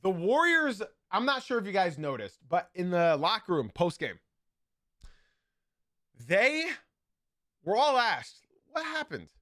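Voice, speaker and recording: An animated man hosting a live basketball podcast, his pitch swinging widely as he drives his points home. He repeats key lines for emphasis, and his bright, forceful voice sits close in a dry room with no echo. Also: takes it slowly, pauses often. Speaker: podcast host.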